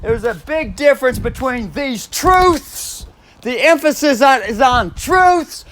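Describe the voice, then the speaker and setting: High-pitched man ranting slowly. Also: animated, fairly bright tone, a little hiss or hum. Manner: profane, emphatic, repeats phrases; stresses single words, plays with inflection. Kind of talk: rambling solo monologue.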